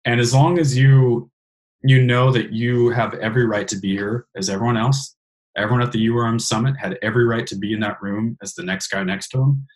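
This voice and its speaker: A man's voice: medium pitch, steady tone, brisk. A man hosting a podcast in casual interview chat, earnest and frank, swearing casually. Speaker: podcast host.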